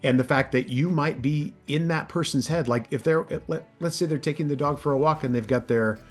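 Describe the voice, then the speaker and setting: Man, audiobook narrator, casual interview, animated, faint music under it. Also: brisk. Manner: animated, pitch jumps when excited.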